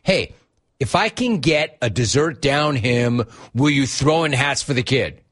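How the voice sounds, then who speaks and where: A man hosting a sports talk show, teasing and animated, reading out chat and laughing often. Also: medium pitch, unhurried.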